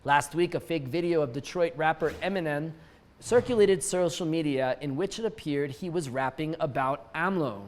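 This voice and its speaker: A man with a fairly high voice hosts a satirical news roundup. He reads each story straight, then slips in wry jokes and laughing asides. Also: normal speed, a little hiss or hum. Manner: wry, joking asides with chuckles. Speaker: news show host. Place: lives in Mexico City.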